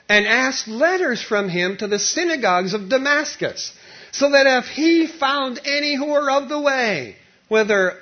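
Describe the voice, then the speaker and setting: A male pastor preaching a sermon, telling a story animatedly with lots of repetition, on a dull, lo-fi recording. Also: extremely high pitch.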